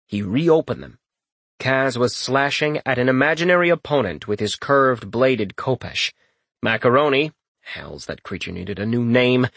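A man's voice: mid-range voice, no room sound. Man narrating, dry close sound. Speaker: audiobook narrator. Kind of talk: scripted fantasy narration.

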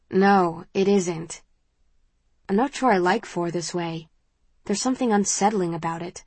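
Low-voiced woman narrating a novel. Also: steady tone, normal speed, no room sound. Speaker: audiobook narrator. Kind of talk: first-person novel narration.

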